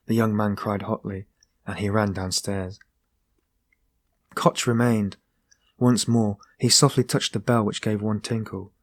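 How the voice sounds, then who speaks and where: A man narrating a classic novel as an audiobook, in a steady, measured reading. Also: lowish voice, no echo. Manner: steady, measured reading that rises into voiced dialogue.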